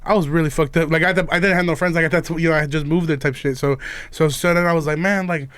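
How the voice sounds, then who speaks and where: A man with a high voice, guesting on a podcast and telling a schoolyard story. He swears freely and keeps breaking into laughter as he tells it. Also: fairly even intonation, fast talker, fairly bright tone, no room sound. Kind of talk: casual chat.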